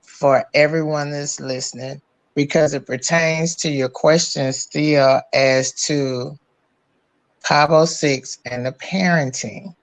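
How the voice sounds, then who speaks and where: A woman speaks on a casual talk stream in a measured, preacherly manner. She builds her points slowly and keeps asking rhetorical questions. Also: low-pitched, steady tone.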